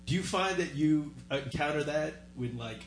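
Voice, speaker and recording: A man's voice: fairly high pitch, normal speed, slight background noise. A man in casual chat, making blunt, teasing interjections.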